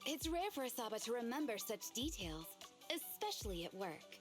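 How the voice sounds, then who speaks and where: A composed officer with a measured, even delivery and a slightly high voice. Game audio sits farther back, with faint music underneath. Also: female voice. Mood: calm.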